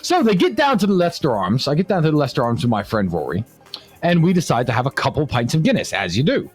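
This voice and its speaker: Male host from England, animated storyteller with a wide-ranging voice, faint music bed. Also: fairly high pitch, quick pace, breathy edge. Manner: animated storyteller, acts out quotes. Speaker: podcast host. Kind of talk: casual storytelling chat.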